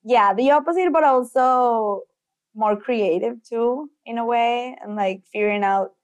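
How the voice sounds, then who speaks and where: A young woman from Mexico who speaks Spanish natively, a guest telling stories in a casual interview, animated and acting out the quotes. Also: fairly high pitch, unhurried, lo-fi sound. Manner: animated, acts out quotes, filler "like". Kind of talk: casual storytelling in conversation.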